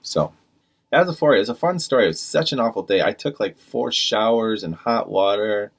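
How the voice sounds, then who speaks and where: Middle-aged male podcaster, very low voice, exasperated profane retail anecdote. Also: animated, fairly quick, husky. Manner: profane, exasperated, acts out quotes. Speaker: podcast storyteller, retail manager. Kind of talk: casual storytelling.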